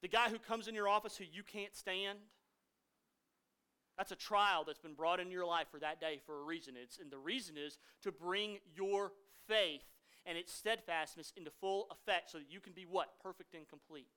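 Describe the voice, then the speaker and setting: A man, a pastor preaching a sermon, swinging from loud emphasis to hushed asides. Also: high-pitched, moderate pace, smooth.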